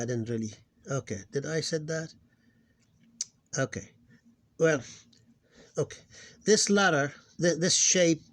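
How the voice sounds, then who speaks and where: A middle-aged man teaches in a fairly high voice. He talks casually and haltingly, often restarting his words and slowing down to spell out sounds. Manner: hesitant, repeats words, slows to sound out syllables. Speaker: Arabic teacher. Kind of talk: casual recorded lesson.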